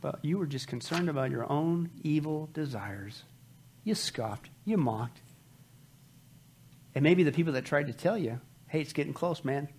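A male pastor preaching a sermon, urging listeners with pleading questions and sudden loud outbursts. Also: fairly high pitch, lively intonation, measured pace, long pauses, a little hiss or hum.

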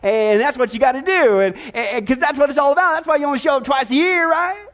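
A man preaching a sermon fervently, dropping low for emphasis and rising into excited runs. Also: fast talker. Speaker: pastor.

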